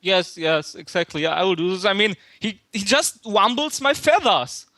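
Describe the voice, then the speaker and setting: A man's voice: high voice, moderate pace, sharp tone, no room sound. A man calling in to a chat show, stammering and repeating his words as he talks. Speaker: caller. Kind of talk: call-in chat.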